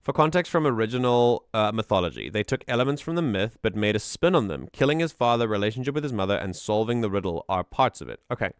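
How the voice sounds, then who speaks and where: A man's voice: fairly low pitch, lively intonation, fast, few pauses, clear, resonant tone, dry recording, clean studio sound. A man streaming casual music-analysis commentary, enthusiastic and rambling, often restarting his sentences.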